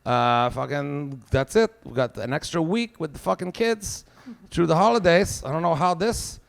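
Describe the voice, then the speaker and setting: A man's voice: a little high, normal speed, vocal fry. A man in his forties with a Quebec French accent, doing a profane, exasperated stand-up rant. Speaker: stand-up comedian. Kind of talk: stand-up routine.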